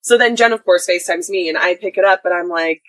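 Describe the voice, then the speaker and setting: A woman's voice: lowish voice, quick pace, no echo, low-quality recording. A young adult woman co-hosting a podcast, telling a family story in casual chat and acting out what people said. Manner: animated retelling, acts out quoted voices. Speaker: podcast co-host, daughter.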